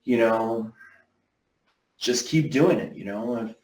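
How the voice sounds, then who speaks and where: A middle-aged man casually recounting a business story, rambling and animated, quoting others as he goes. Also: mid-range voice, takes it slowly. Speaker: BMX brand owner recounting company history. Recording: roomy echo, somewhat far from mic.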